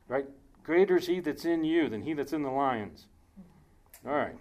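A man preaching a casual sermon, reading scripture aloud slowly and breaking off into joking asides. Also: medium pitch, animated.

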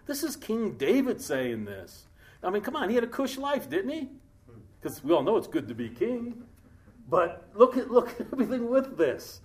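A man preaching a sermon in a conversational, joking way, breaking off to read scripture aloud slowly. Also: sits high, huge pitch swings. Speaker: pastor. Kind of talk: sermon, Bible study.

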